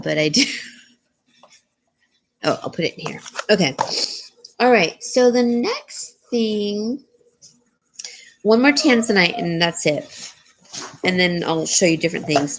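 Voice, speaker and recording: During a casual live-stream, a woman sells jewelry, talking easily and answering comments from viewers. Now and then she turns to her dog and coos at it in a high-pitched baby voice.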